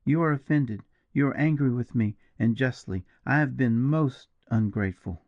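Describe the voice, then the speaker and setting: A man's voice: mid-range voice, normal speed, dry recording, highs cut off, lightly acted. A man voicing an impassioned, tender-hearted young woman in an audiobook, crying out in a raised, emotional voice. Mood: pleading. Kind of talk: audiobook character reading.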